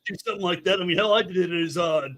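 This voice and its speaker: Male streamer, easygoing and jokey, high pitch. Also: racing, fairly bright tone. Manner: joking, laughing easily. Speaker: fellow streamer. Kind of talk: casual live stream chat.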